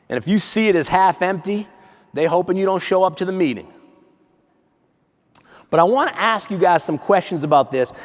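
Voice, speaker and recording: Playful high-voiced man giving a keynote. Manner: lively, playful, engages the audience directly. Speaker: keynote speaker. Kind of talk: motivational keynote talk. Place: large conference hall. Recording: long reverb of a large hall.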